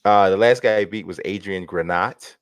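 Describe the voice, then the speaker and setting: Deep-voiced man rambling about boxing. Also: normal speed, clean tone, no echo. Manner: rambling, laughs a lot, self-interrupting. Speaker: boxing podcast co-host. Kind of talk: casual sports chat.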